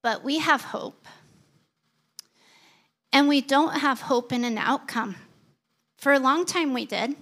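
A woman's voice: sits high, slow pace, pauses often, a bit bright. A woman pastor preaching a sermon, telling personal stories in an earnest way.

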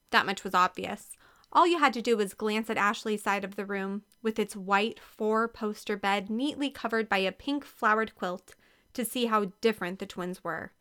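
Bright, crisp woman storybook narrator. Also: mid-range voice. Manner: lively, expressive reading. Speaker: audiobook narrator.

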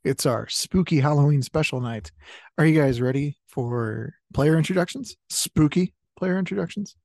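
A man's voice: mid-range voice, normal speed, darkish tone, no room sound, clean studio sound. A man hosting a comedy improv game, joking and laughing often between lines. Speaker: host of a comedy game show.

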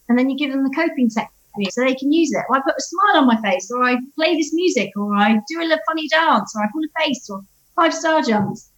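High lively woman storyteller. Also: fast talker. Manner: animated storyteller acting out quotes. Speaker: divorce coach, guest. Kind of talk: conversational interview. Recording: slightly dull lo-fi sound.

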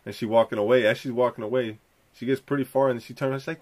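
A man's voice: mid-range voice, quick pace, a little mellow. A young man hosting a podcast, rambling and profane as he reacts to clips and tells a story. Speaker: podcast host. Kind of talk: casual commentary reacting to clips.

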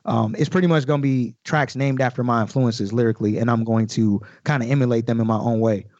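A man talking casually as a podcast guest, explaining his own rap lyrics in an animated way with many fillers. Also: mid-range voice, quick pace, no echo, highs cut off. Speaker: guest recording artist.

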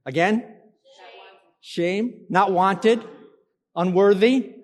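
A male pastor delivers a sermon, drawing answers from the congregation with questions. His voice sits high for a man. It rings out with the long reverb of a church hall. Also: extremely slow. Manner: interactive, asks congregation to call out answers.

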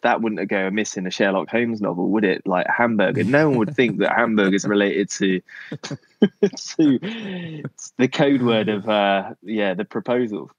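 Laid-back Cornish man, halting chat. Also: on the low side, animated, dry recording. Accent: Cornish English. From Cornwall, England. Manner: halting, self-interrupting, chuckles often. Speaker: podcast guest. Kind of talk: casual conversation.

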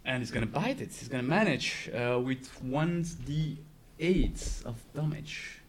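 A man's voice: mid-range voice, expressive, a little slow. A man casually narrating combat as the game master of a tabletop game. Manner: casual, describing action with restarts and swearing.

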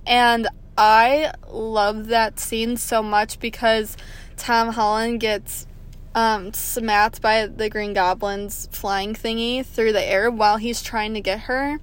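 A woman chatting casually about a film, chatty and animated, full of fillers. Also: a little high, slow, clear, resonant tone. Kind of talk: casual movie review chat.

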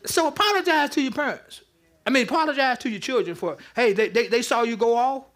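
A pastor with a high-pitched voice preaching in church. He talks loosely and conversationally, teasing the congregation between points. His delivery stays informal even as he makes his case. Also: brisk. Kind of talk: interactive sermon.

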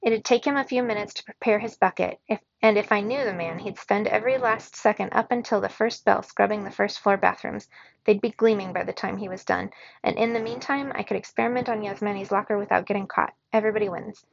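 Woman reading a kids' book out loud, lively storyteller, fry in her voice, dull lo-fi sound. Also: medium pitch, fairly quick. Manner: expressive first-person reading, giving the characters voices. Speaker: reader. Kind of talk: reading a children's novel aloud. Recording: dull lo-fi recording in a dry room.

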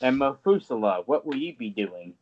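A man's voice: medium pitch, very animated, normal speed, slight background noise. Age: adult. Sex: man. Role: game master of a tabletop game. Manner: short prompting questions. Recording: dull, lo-fi. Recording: muffled lo-fi audio.

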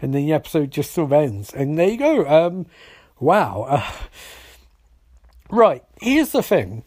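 A man's voice: a little high, sing-song, a little slow, darkish tone, slightly rough. Profane rambling man reviewing TV. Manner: profane, rambling, lots of fillers. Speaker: TV episode reviewer. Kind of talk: casual spoken review and recap.

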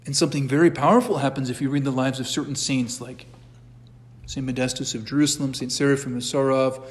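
A middle-aged man teaching a catechism class in a church, speaking at an everyday pitch. He talks conversationally, often breaks off to restart a sentence, and drops in casual asides. His voice carries a long echo from the church hall. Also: fairly even intonation, quick pace. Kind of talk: informal church class lecture.

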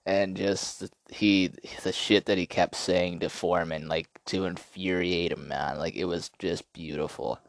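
A man hosting a podcast, telling stories in a rambling, profane, excitable way. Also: sits low, measured pace, hardly any pauses. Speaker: podcast host. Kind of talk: casual podcast storytelling.

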